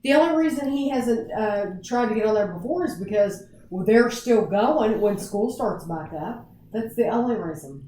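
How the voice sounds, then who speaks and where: A woman's voice: on the high side, animated, moderate pace, mellow. A woman hosting a family live stream, chatting over dinner and answering viewer questions. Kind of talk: casual dinner chat. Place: home dining room. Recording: echoey room, faint background noise.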